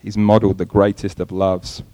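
A man preaching a sermon, in a conversational way, often repeating words and pausing. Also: lowish voice, monotone, warm tone, dry recording, rough recording.

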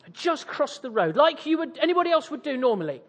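A man's voice: very high-pitched, very animated, quick pace, in a large hall. A man from East Anglia with an English accent, preaching a sermon with audience interaction, jovial and self-mocking. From East Anglia, England.

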